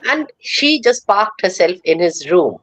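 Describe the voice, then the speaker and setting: A woman with an Indian accent telling a story in an animated way on a live panel. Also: fairly low pitch, a little slow, no room sound. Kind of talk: live online panel chat.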